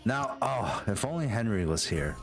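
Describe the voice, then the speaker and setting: A man narrating a tabletop game as game master, unhurried and full of fillers. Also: on the low side, sing-song, vocal fry, faint music behind.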